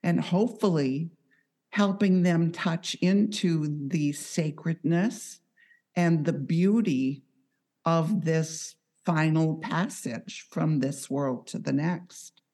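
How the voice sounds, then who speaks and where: A woman who works as an on-call hospice healthcare professional, speaking in a measured, reflective way and telling stories from her work. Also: deep voice, dark tone. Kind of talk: conversational storytelling.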